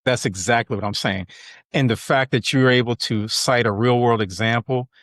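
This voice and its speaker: A man's voice: mid-range voice, fairly even intonation, normal speed, fairly bright tone, dry recording, studio quality. A man speaking as an interview guest who is a trainer, sincere and affirming in tone. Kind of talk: casual interview talk.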